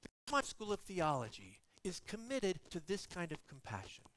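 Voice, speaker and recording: A middle-aged man preaching a storytelling sermon as a guest preacher, animated and acting out voices. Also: sits high, normal speed, dry recording. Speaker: guest preacher and theology professor.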